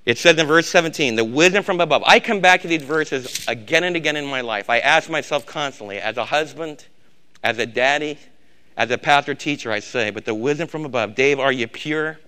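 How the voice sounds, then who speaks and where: A little fast and smooth, an older pastor's sermon alternates between loud calls and soft, low emphasis, and he repeats words to drive them home.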